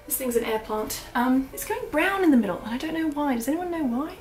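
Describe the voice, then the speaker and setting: A young Australian woman with a British-drifting accent vlogs a tour of her compact apartment in a high voice with lively intonation, speaking a little fast. Her chat is casual, giggly and filler-heavy. The small room echoes and faint music plays.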